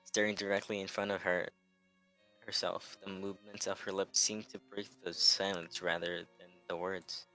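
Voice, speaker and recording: A man reading a visual novel aloud in a relaxed chat with a friend, often tripping over words and starting again. His voice is low and bright, with a crisp, forceful edge. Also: normal speed, soft background music, poor audio. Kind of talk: casual read-along chat.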